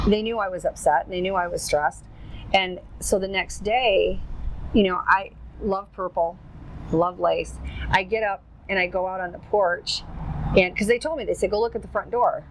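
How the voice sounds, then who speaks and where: A chatty middle-aged woman tells a long anecdote in an easygoing, animated way. Her voice sits at an ordinary pitch for a woman. A faint hiss runs under the recording. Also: rough recording. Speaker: guest, Bigfoot researcher. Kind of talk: casual storytelling.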